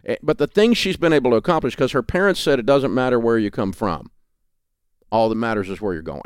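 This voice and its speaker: A man's voice: medium pitch, lively intonation, fast, smooth, no echo, studio quality. A middle-aged man with a Southern accent, speaking as a guest in a podcast interview in a folksy, emphatic storytelling way. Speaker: guest, finance radio host.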